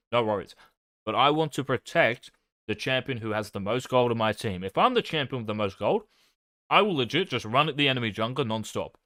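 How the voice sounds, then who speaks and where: A man's voice: mid-range voice, fairly bright tone, dry recording, studio quality. A man casually commenting on his own gameplay as a coach, swearing now and then and making fun of himself. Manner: swears casually, self-deprecating. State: talking with his mouth full.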